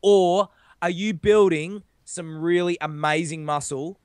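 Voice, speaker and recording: Australian man, high pitched, sick, slangy, casual podcast chat, dry close sound. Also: moderate pace, fairly bright tone, no echo. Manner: laid-back, jokey, slangy, swears. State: sick, voice a bit rough. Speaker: podcast co-host.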